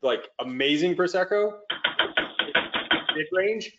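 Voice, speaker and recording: A man's voice: high voice, expressive, slow, background noise. A man chatting casually while cooking, rambling with many fillers and restarts. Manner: rambling, lots of likes and restarts. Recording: dull lo-fi call audio.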